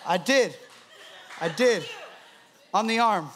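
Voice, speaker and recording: Man, pastor, sermon, animated, laughing storyteller, high voice. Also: slow, slight background noise.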